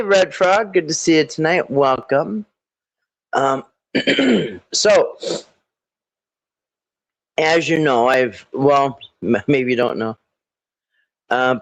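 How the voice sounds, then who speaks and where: A man hosting a casual live stream, rambling with halting restarts and frequent throat clearing. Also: a little high, no room sound, low-quality recording. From Minnesota.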